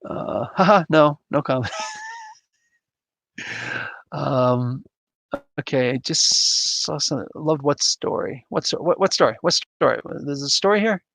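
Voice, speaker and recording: Gravelly man chatting on a livestream. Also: on the high side, expressive, slow, long pauses, fairly bright tone, dry recording. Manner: rambling, chuckling, reacting to chat comments. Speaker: livestream host reading chat. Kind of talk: casual livestream chat.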